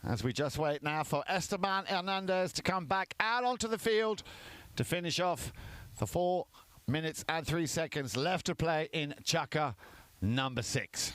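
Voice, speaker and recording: Guy calling a polo match live, chatty, smooth resonant voice, gets excited on goals. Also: a little high, unhurried, dry recording. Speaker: polo commentator. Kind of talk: live sports commentary.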